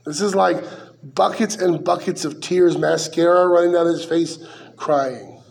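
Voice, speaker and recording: A man's voice: on the high side, unhurried, vocal fry. A man, likely a pastor, preaching a verse-by-verse sermon in a conversational way, with rhetorical questions and dry asides.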